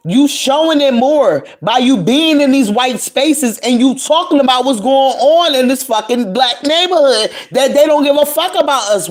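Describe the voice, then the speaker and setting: Woman ranting hard, cussing a lot, aave, keeps repeating herself, heated casual commentary. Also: a little high. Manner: heated, profane, repetitive ranting. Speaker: commentary vlogger. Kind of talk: casual commentary, reading tweets aloud.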